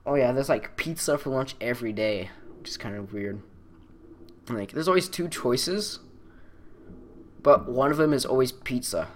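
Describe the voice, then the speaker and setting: Teen guy, casual podcast chat, lively swooping pitch, laughs often, rambling over an online call. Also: moderate pace, long pauses, a little hiss or hum. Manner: laughs a lot, rambling, many likes and restarts. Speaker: podcast co-host. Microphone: online call microphone.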